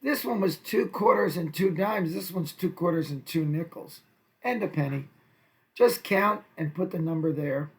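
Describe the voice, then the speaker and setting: High, gravelly-voiced playful male teacher. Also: moderate pace. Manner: playful, chatty, jokey asides. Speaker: second grade teacher. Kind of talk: recorded math lesson for young pupils.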